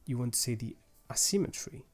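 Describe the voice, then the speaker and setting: A man's voice: medium pitch, expressive, brisk. A young man patiently explaining grammar rules step by step in a language lesson, with small restarts as he goes. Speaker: language teacher.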